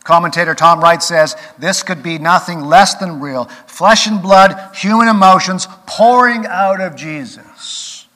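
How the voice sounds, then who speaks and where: A man preaching a sermon as pastor, earnest, rising to emphatic peaks and then dropping quiet. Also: high voice, a little slow, few pauses. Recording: long reverb of a large hall.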